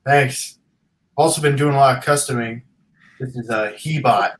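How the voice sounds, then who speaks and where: A man's voice: mid-range voice, moderate pace. A young man chatting as a guest on a video call, giving short, matter-of-fact replies. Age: young adult. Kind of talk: casual video-call chat.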